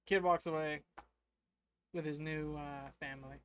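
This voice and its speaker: A man's voice: fairly high pitch, drawn-out words, pauses often, smooth. A man streaming a game, casually narrating his character's story and talking to his chat. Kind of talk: casual role-play narration.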